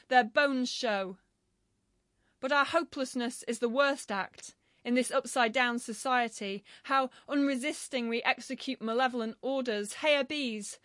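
High-voiced woman reading poetry gravely. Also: a bit bright, no room sound, studio quality. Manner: measured, grave recitation. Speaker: poetry reader.

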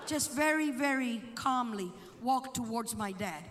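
A woman preaching a sermon, telling a story dramatically, swinging from hushed asides to shouted exhortation. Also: high-pitched, a little slow, few pauses. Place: church sanctuary. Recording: long church hall reverb.

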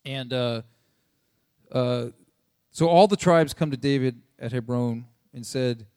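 A young man preaching a casual sermon, retelling the story in slangy, animated speech and jumping into voices for the people he quotes. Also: mid-range voice, slow pace, smooth, dry recording, studio quality.

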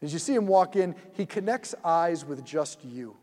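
A man leading a guided prayer meditation in a church hall, speaking gently and soothingly and often dropping to a hush. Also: a little high, lively intonation, normal speed.

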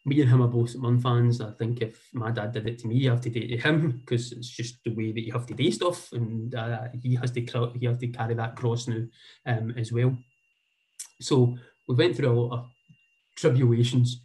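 A Scottish man in his forties shares a heartfelt personal story in a warm, medium-pitched voice, captured on a rough recording. He rambles earnestly and often repeats words.

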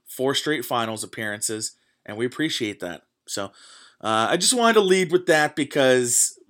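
A man's voice: medium pitch, unhurried. Guy ranting solo on his podcast, gets worked up, cussing, loose and chatty. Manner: animated, swearing, worked-up ranting with fillers. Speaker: podcast host. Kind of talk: casual solo sports rant.

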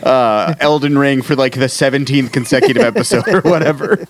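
A man's voice: medium pitch, a little fast. Profane laughing man recapping TV. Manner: laughing, profane, acts out characters mid-recap. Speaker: podcast co-host. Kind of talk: casual chat recapping a TV episode.

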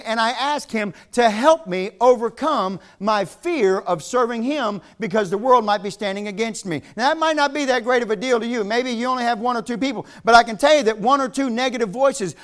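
A man's voice: very high voice, fairly bright tone. A middle-aged man preaching a revival sermon, moving between folksy storytelling and emphatic preaching.

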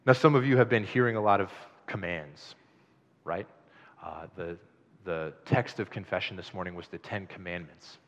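A male pastor preaching a sermon in a conversational, animated way, with chatty asides to the congregation. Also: sits low, normal speed. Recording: dull sound in a long-reverb hall.

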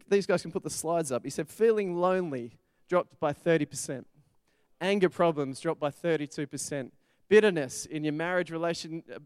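A man's voice: sits high, clear, resonant tone, no echo, clean studio sound. A middle-aged man, preaching a sermon in church in a conversational way with personal stories. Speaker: pastor.

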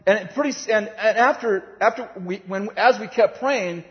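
Animated male preacher in a reverberant hall. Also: high-pitched, normal speed. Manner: animated, acts out voices, laughs while telling. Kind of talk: sermon storytelling. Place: large hall with a platform. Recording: dull, reverberant hall sound.

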